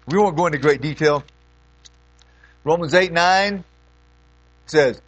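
A man preaching a conversational teaching sermon as a pastor, emphatic and lively, often clearing his throat between points. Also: on the high side, slow pace, pauses often, dry recording, lo-fi sound.

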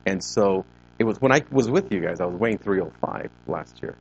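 A man's voice: deep voice, expressive, brisk, dull audio. Man in his fifties telling his story. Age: 50s. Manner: conversational storytelling, acting out quoted exchanges. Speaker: ministry leader giving a talk. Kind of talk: personal testimony talk to a group. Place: CrossFit gym.

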